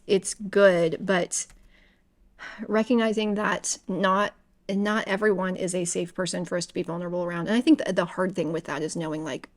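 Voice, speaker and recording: Woman cohost just chatting about a book, loads of "like"s, gets lively and squeaky acting out her own thoughts. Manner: chatty, animated, lots of fillers and acted-out inner voices. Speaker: podcast co-host. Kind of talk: casual book-club chat.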